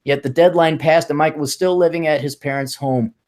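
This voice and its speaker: A man's voice: on the high side, steady tone, a little fast, a little mellow. A man hosting a podcast, chatting casually and reading a news story aloud with sarcastic asides. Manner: sarcastic, mocking, laughs at the story. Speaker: podcast host.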